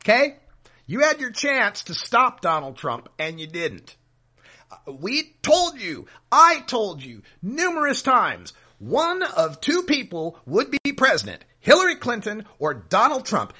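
A man's voice: high-pitched, pushed and bright, husky. A man hosting a political podcast, ranting in an exasperated, pleading way with some swearing. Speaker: podcast host. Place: home studio with mic software.

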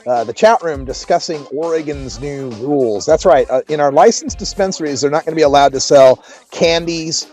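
A man's voice: on the high side, moderate pace, a little mellow, faint music behind. A man with a Pacific Northwest accent hosting a show, chatting casually with sarcastic asides. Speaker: host. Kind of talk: casual radio commentary.

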